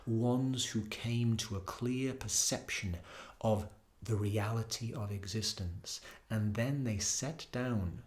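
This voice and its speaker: A man hosting his own yoga podcast, speaking in a measured, emphatic way and stringing phrases into rhythmic lists. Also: fairly low pitch. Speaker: yoga teacher and podcast host. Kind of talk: reflective solo podcast talk.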